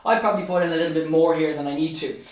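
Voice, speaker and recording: A man's voice: fairly high pitch, fairly even intonation, very fast, heavy reverb, distant mic. An Irish man, a teacher, walks students through an exam answer step by step, switching between Irish and English and repeating key phrases. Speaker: teacher and state examiner. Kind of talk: exam revision tutorial.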